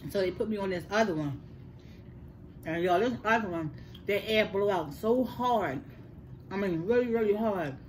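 A woman's voice: medium pitch, normal speed, long pauses, a little hiss or hum. Older woman telling a story. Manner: animated, repeats words for emphasis, addresses listeners as y'all. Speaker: host. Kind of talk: casual storytelling.

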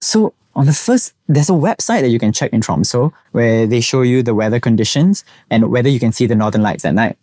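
A man's voice: medium pitch, brisk, hardly any pauses, no room sound, studio quality. A young man from Singapore with a Singaporean English accent, hosting a podcast and telling a personal story, acting out the voices of the people he quotes. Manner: animated, acts out quoted voices. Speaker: podcast host.

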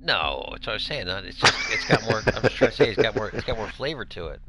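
A man's voice: lowish voice, big pitch swings, fast talker, sharp tone. An American man streaming a multiplayer game with friends, talking casually in a chatty, joking, rambling way. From United States. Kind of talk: casual gaming chat.

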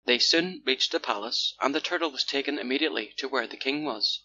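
A man narrating a children's fairy tale in a steady, measured storytelling manner, in a dull lo-fi recording with faint hiss. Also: mid-range voice. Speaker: audiobook narrator.

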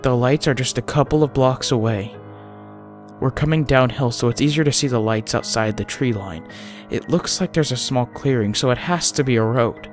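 A man narrating a first-person horror story, often dropping to a hushed, breathy delivery at tense moments. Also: medium pitch, moderate pace. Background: faint music.

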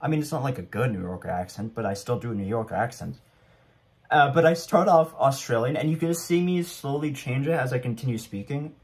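A man's voice: medium pitch, animated, fairly quick. Young man, chatty, rambling, laughs at himself; casual home commentary. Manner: rambling, chatty, self-deprecating. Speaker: vlogger.

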